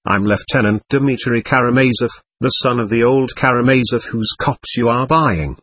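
A man voicing a desperate young army lieutenant who pleads breathlessly, in a husky voice. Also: mid-range voice, normal speed, a bit bright. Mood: pleading.

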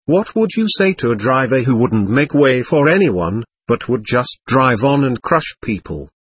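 Male narrator as a feverish young gentleman, frantic, husky, swinging pitch. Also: big pitch swings, unhurried. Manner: urgent, frantic. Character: feverish, agitated young nobleman. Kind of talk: audiobook character voice.

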